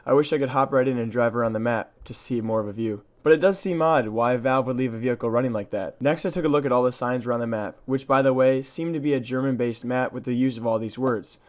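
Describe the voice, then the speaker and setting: Fast-talking man narrating a game video. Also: mid-range voice. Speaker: gaming channel host.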